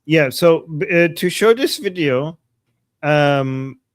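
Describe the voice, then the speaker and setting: Slow talking guy cohost, reacts a lot, super dry close sound. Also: fairly high pitch, lively intonation, dry recording. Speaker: political commentary co-host. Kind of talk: casual commentary chat.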